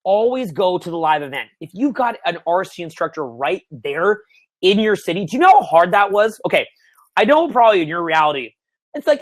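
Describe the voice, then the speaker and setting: Excitable profane man, dry close sound. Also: high voice, brisk, no room sound. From Canada. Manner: profane, excitable, shifts between mumbled asides and loud bursts. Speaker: dating coach. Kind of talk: webinar Q&A.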